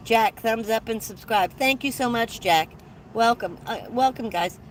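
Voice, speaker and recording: An older woman chatting casually on a live stream, with a slightly high voice. She rambles from topic to topic and greets viewers by name, with a faint hum of noise behind her. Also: a little slow. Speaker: van-life vlogger hosting a live stream. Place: inside her van.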